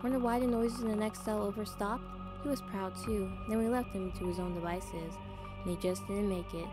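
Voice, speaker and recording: A woman's voice: mid-range voice, fairly even intonation, a little fast, natural voice. A woman voicing a cruel, condescending asylum doctor who mocks and coldly threatens. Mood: menacing. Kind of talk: voiced game reading. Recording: music playing underneath.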